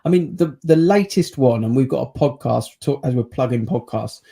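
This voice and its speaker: A man's voice: medium pitch, lively intonation, normal speed, creaky, dark tone. Chatty man hosting a video call. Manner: chatty, teasing. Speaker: podcast host, estate agent. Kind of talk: casual chat.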